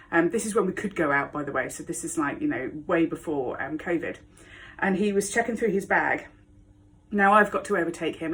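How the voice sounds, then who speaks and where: A woman telling a personal story to camera, frank and blunt, often laughing as she speaks. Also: lowish voice. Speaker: vlogger.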